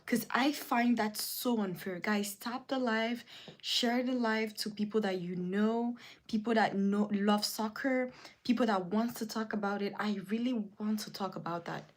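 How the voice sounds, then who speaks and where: Woman ranting indignantly on a livestream. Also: measured pace. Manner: indignant, repetitive ranting with sudden rises in pitch. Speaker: livestream host. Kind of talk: casual livestream chat, reading comments aloud.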